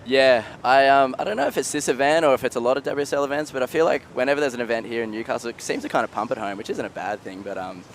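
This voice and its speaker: A man with an Australian accent, a pro surfer giving a relaxed interview with quick laughs. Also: medium pitch, slight background noise. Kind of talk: casual interview.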